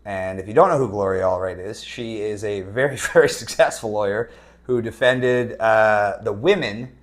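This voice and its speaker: A man's voice: fairly low pitch, moderate pace. Casual, swearing young man telling a story. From Canada. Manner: loose, swearing, many fillers, quotes others in his own voice. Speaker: entrepreneur telling his story.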